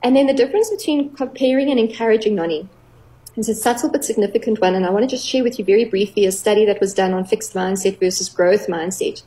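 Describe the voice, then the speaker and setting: A middle-aged woman, a clinical psychologist, explaining earnestly on a radio talk show, with gentle playful examples. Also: mid-range voice, fast talker, low-quality recording.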